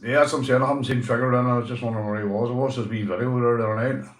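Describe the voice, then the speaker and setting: A man's voice: mid-range voice, steady tone, racing. A man from Northern Ireland with a Northern Irish accent, hosting a casual livestream and chatting loosely to viewers, swearing and calling them mate. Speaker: livestream host. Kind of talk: casual livestream chat reading comments. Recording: echoey room.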